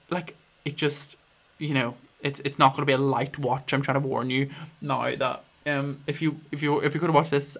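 Bright-voiced rambling male podcast host. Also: mid-range voice. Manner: rambling, swears freely, many restarts. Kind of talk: casual podcast chat.

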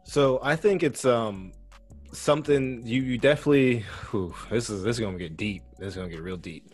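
A young man co-hosting a casual podcast, talking in a laid-back way and trailing off quietly. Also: mid-range voice, brisk, faint music behind. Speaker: podcast co-host. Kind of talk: casual chat.

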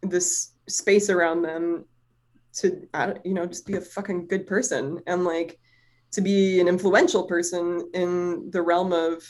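A woman's voice: fairly low pitch, steady tone, a little slow, darkish tone. A woman chatting casually, telling a personal story in a rambling way, full of fillers and swearing, often laughing. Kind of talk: casual chat.

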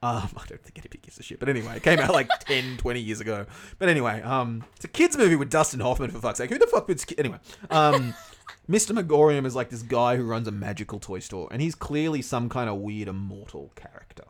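A man in his thirties co-hosting a podcast, chatting casually and telling animated stories, swearing freely. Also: mid-range voice, fast, a little hiss or hum. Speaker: podcast co-host. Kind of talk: casual chat.

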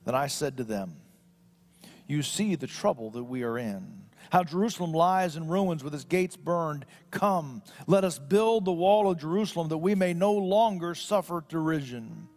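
A man preaching a sermon. He reads scripture slowly and solemnly, then talks in a conversational way with restarts. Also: on the high side, lively intonation, a little mellow. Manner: slow solemn scripture reading. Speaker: pastor.

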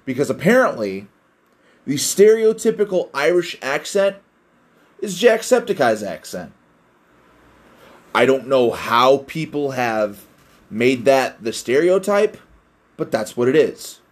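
A young man rambles through a solo podcast at an unhurried, drawn-out pace. His voice sits in a middle pitch, and he swears freely and pokes fun at himself as he drifts between stories. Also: very animated. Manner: rambling, heavy cussing, self-deprecating. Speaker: podcast host. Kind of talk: casual solo podcast rant.

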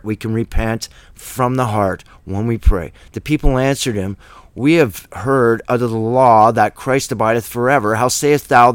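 A man's voice: mid-range voice, clean tone, no room sound. A man teaching a Bible study in a blunt, emphatic way, with slangy asides between verses.

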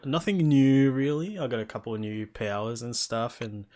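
A man's voice: medium pitch, animated, normal speed, a little mellow. A man co-hosting a gaming podcast, chatting casually and loosely about a game. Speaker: podcast co-host. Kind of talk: casual chat.

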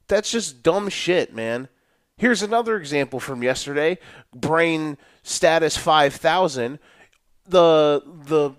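A young man hosting a solo football talk show, ranting in an animated, profane way about coaches. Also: high voice, no echo, clean studio sound. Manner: animated, profane, mocking coaches in a put-on boastful voice. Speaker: sports podcast host.

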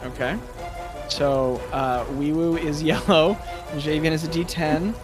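A man narrating as game master for a tabletop game, animated and laughing often, dropping low and hushed for tension. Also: a little slow, music in the background.

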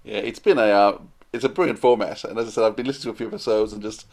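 A man's voice: on the low side, fairly even intonation, very fast, a little mellow. A man interviewing a guest, asking curious, conversational questions. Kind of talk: casual interview.

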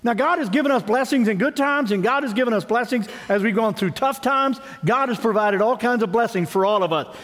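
Pastor, male, high voice, lively storytelling sermon delivery, long reverb on the recording. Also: brisk, few pauses. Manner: animated storytelling preacher, shifts between lively and hushed. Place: church with a congregation.

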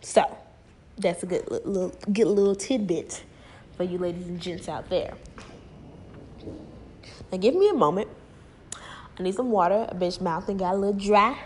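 A young woman ranting and gossiping to her viewers in a blunt, profane, animated way. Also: medium pitch, moderate pace, pauses often, a little hiss or hum. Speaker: vlogger. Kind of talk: casual rant and gossip.

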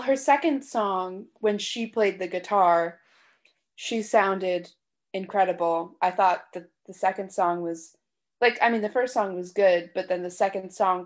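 Woman explaining like an insider. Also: mid-range voice. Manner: knowledgeable, explains at length with little laughs. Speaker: podcast guest. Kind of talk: casual chat.

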